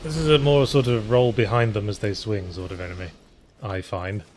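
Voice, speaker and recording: A man's voice: lowish voice, fairly even intonation, normal speed, a little mellow, a little hiss or hum. A man co-hosting a let's play with casual gameplay commentary, dry and teasing as he guides the other player.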